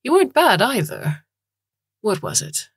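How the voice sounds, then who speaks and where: A woman's voice: mid-range voice, big pitch swings, unhurried, vocal fry, slightly rough, no room sound, clean studio sound, pitched above the performer's own voice, full character voice. A woman voicing a small, rotund, cheerful man who digs canals, breezy and chatty in an audiobook reading.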